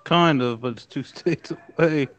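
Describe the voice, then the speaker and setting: A man from South Carolina in a casual chat, talking quick and offhand. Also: a little high.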